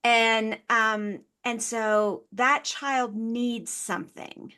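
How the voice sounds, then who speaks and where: Slow, bright-voiced woman podcast host. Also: a little high, fairly even intonation, smooth. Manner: enthusiastic and affirming. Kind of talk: conversational interview.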